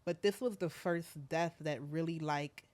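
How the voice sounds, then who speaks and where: A school principal in her thirties speaks softly and haltingly, with lots of fillers, in an emotional interview conversation. Her voice is low and clean.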